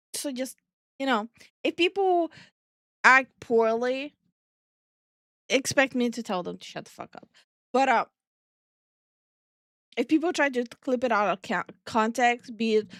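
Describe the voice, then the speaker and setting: A woman's voice: a little high, fairly bright tone, no room sound, studio quality. Blunt, outspoken woman streamer. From Estonia. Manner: blunt, opinionated, swears freely. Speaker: VTuber streamer and co-host. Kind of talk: casual stream chat.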